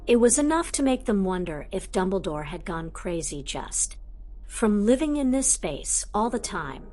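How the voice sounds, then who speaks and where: A woman reading a fan-written audiobook as narrator, in a steady scripted narration. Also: medium pitch, normal speed.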